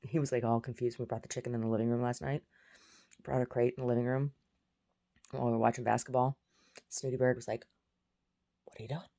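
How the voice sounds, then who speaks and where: A woman's voice: rumbling low, little pitch movement, fast, creaky, long pauses, warm tone. A woman vlogging in a rambling, chatty way, jumping between topics. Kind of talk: casual chat.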